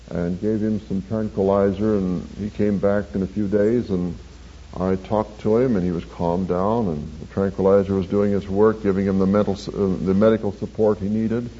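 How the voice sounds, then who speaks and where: A man, a church counselor, telling the story of a counseling session in a measured, earnest way. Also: fairly low pitch, dark tone, husky. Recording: dull lo-fi recording with faint hiss.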